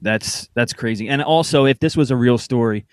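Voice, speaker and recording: A man's voice: medium pitch, moderate pace, smooth, dry recording. A man co-hosting a podcast in casual chat, sounding mocking and incredulous. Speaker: podcast co-host.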